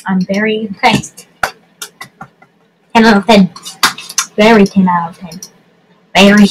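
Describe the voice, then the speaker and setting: A woman vlogging casual reaction commentary at home by her computer, excitable and giggly, with lots of fillers. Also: mid-range voice, unhurried, poor audio. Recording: music playing underneath.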